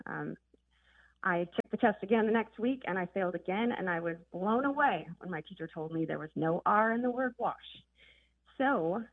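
A woman's voice: fairly low pitch, no room sound. A woman caller from northern Minnesota telling a chatty story on a call to a radio show. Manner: chatty, storytelling with small laughs. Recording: tinny phone line.

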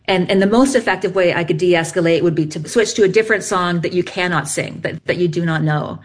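A woman's voice: fairly low pitch, brisk. A woman researcher patiently explaining bird behavior step by step in an interview. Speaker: bird song researcher guest.

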